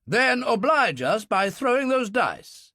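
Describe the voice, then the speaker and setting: A man's voice: extremely high pitch, sing-song, slow pace, pushed and bright, no echo, pitched above the performer's own voice, heavily acted. A man voicing a dry, polite, upper-class older Englishman in an audiobook. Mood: stern.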